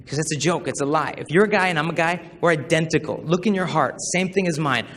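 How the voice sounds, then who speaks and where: A man giving a humorous public talk to students, telling stories with animated acted-out voices. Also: fairly high pitch, fast, big-room sound. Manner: animated storytelling, acts out voices. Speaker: chastity speaker.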